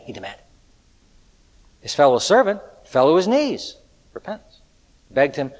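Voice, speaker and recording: Earnest preacher in a reverberant hall. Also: male voice, a little high, wildly swooping pitch, normal speed, long pauses. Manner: earnest, rhetorical, swings between loud appeals and hushed lines. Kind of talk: sermon. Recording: echoey hall with long reverb.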